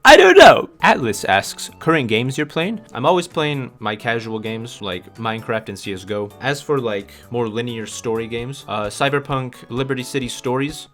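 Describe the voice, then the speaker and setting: A man's voice: medium pitch, normal speed, few pauses, a bit bright, faint music behind. A young man in his twenties from Canada with a North American accent, answering viewer questions in a casual chat with a bouncy, up-and-down way of talking. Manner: sing-song, up-and-down rhythm with playful swearing.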